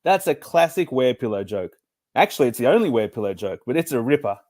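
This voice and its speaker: A man's voice: mid-range voice, big pitch swings, a little fast, darkish tone. A man, a children's author reading his book aloud with playful storytelling.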